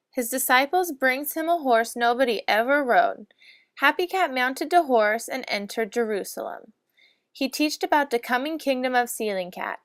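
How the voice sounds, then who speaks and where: A woman's voice: high voice, fairly bright tone, dry recording, clean studio sound. A woman narrating a comic storybook in mock-solemn lolcat speak.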